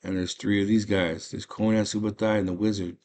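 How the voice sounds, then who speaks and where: A man's voice: lowish voice, flat delivery, a little fast, darkish tone. Slangy man recapping a movie. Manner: slangy, enthusiastic storytelling. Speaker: movie channel host.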